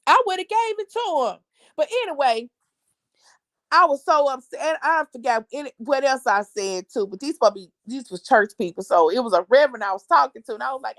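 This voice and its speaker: Middle-aged lady hosting a live chat, high voice, dry close sound, really animated storyteller. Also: fairly quick, dry recording. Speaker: host of a family live show.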